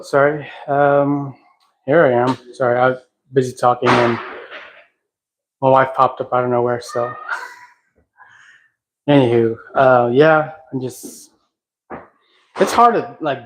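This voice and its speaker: A man hosting a casual livestream at home, talking in a reflective, halting way and sometimes singing softly. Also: mid-range voice, steady tone, poor audio. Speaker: livestream host. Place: at home, cleaning a house.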